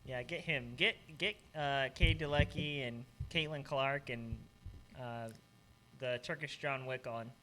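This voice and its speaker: Bright young man, joking and swearing. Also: medium pitch, a little hiss or hum, low-quality recording. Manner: joking, swearing, quick to laugh. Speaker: podcast co-host. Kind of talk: casual chat.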